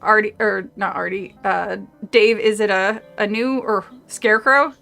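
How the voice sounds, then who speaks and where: A woman's voice: mid-range voice, a little slow, creaky, fairly bright tone, soft background music. A woman streaming herself reading a horror novel aloud, chatting casually and drifting into tangents, often laughing. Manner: rambling, with frequent tangents and laughs. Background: faint movie audio.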